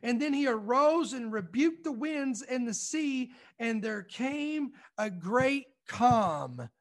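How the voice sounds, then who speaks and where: A man with a strikingly high voice delivers a devotional sermon. He stacks rhetorical questions in long, insistent runs and speaks with building passion. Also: lively intonation, takes it slowly. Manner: impassioned, repetitive rhetorical questions building intensity. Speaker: preacher.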